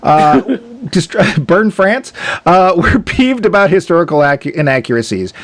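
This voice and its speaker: A man's voice: sits high, sing-song, unhurried, dry recording. A man co-hosting a podcast in casual chat, joking and laughing often as he talks. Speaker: podcast co-host.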